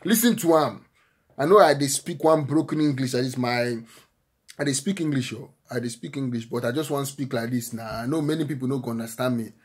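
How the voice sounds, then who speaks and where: A man's voice: medium pitch, a little fast, slightly rough. A man from Nigeria with a Nigerian accent, giving a spontaneous, earnest talk of faith and prayer, repeating himself and often ending lines with "eh?". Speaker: vlogger giving encouragement.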